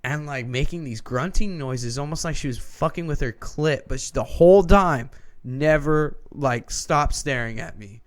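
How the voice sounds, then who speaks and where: A man's voice: fairly high pitch, moderate pace. A man co-hosting a podcast who tells a long story in a casual, rambling way, swearing often and restarting his sentences. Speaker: podcast co-host.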